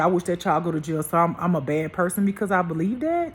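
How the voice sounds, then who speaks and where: A woman's voice: on the low side, expressive, quick pace, slightly rough. A woman talking straight to camera in a heated, preachy monologue, repeating herself and addressing her viewers. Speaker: spiritual life coach vlogger.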